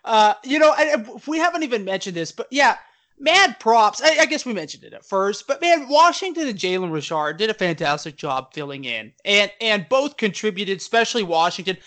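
A man co-hosting a casual podcast, joking and riffing with an animated delivery. His voice sits high for a man. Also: fairly quick. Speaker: podcast co-host. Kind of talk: casual chat.

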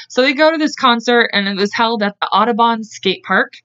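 A woman's voice: fairly high pitch, moderate pace, fairly bright tone, dull audio. Chatty woman telling a true-crime story. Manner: chatty, acts out quotes with voices, laughs often. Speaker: podcast co-host.

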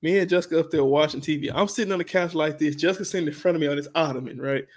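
A young man co-hosting a podcast in casual chat, an animated storyteller who acts out voices and laughs a lot. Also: fairly high pitch, racing. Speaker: podcast co-host.

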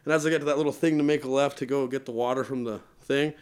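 A man from Utah, guesting on a podcast, tells a long story in a casual, animated way, laughing often and filling gaps with "like." His voice is mid-range, rapid-fire, and clean in tone.

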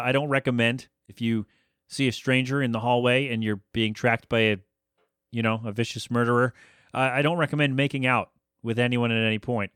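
A man's voice: medium pitch, a bit bright, smooth, no room sound. Podcast host, male, mid-range voice, dry close sound, rambling recap with asides. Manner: chatty, rambling, jokey asides and self-corrections. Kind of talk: casual TV episode recap.

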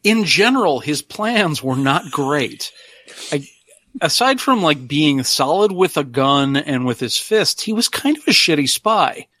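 A man's voice: a little high, big pitch swings, unhurried, bright, forceful tone, dry recording. A man on a podcast, explaining plot points with a wry edge. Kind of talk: casual chat.

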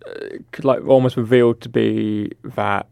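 A man's voice: medium pitch, fairly even intonation, unhurried, creaky, a little mellow, smooth, no room sound, studio quality. A man in a casual film chat who talks in an easygoing way, full of "like" fillers. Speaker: podcast co-host.

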